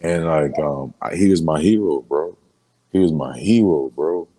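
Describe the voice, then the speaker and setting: A rapper from New Orleans, Louisiana in a casual sit-down interview, telling emotional stories in street slang and filler phrases. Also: male voice, a bass voice, unhurried, dark tone.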